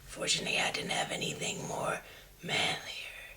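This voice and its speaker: A woman putting on a husky, whispery man's voice like a lifelong smoker. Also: moderate pace, pushed and bright, lightly acted. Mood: gruff murmur. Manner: low murmured delivery, drifting accent. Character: husky-voiced young man drag persona, lifelong-smoker rasp. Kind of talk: comic drag character monologue.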